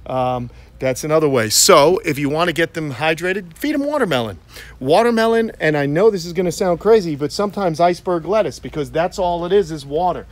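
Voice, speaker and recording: A man's voice: fairly high pitch, animated, fairly quick. A man with a New York accent, hosting and explaining animal care in a casual, upbeat way, full of fillers, from outdoors. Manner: chatty, upbeat, many fillers. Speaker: reptile keeper and channel host. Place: outdoors in a tortoise yard.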